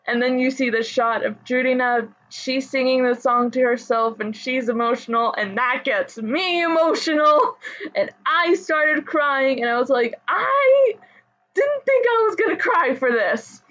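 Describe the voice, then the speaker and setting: A woman chatting casually as a pop music fan, rambling with fillers and soft laughs. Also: a little high. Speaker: idol fan commentator. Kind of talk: casual chat. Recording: dull lo-fi audio.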